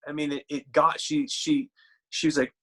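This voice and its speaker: A man preaching a sermon in a conversational, halting way, with frequent restarts and slower, weightier reading of scripture. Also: a little high, flat delivery, sharp tone.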